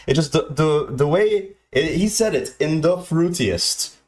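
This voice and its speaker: A man's voice: fairly high pitch, animated, measured pace, a little mellow. A man telling a long, rambling anecdote, repeating himself and swearing, often acting out what others said. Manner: repetitive, profane, restarts often, mimics others.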